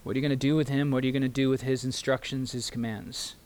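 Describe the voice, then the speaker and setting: A pastor preaching an earnest sermon to his congregation in a church. He pleads with his listeners in slow, emphatic phrases and tells them a story. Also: medium pitch, little pitch movement, a little mellow, clean tone.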